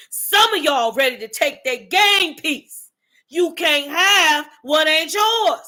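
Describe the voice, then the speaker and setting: A woman's voice: high-pitched, bright, forceful tone. A woman giving a fiery motivational monologue, blunt and profane, calling out her listeners directly and preaching tough love. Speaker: motivational speaker.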